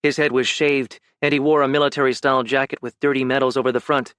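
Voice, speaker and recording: Guy reading an audiobook, steady even delivery, mid voice, super dry close mic. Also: mid-range voice, quick pace, hardly any pauses, clear, resonant tone, no room sound. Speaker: audiobook narrator. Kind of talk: scripted audiobook narration.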